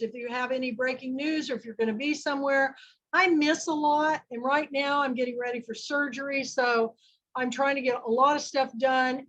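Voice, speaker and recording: A woman's voice: high-pitched, fairly bright tone, lo-fi sound. A woman from Kansas hosting an online book club, chatting and making rambling announcements over a video call.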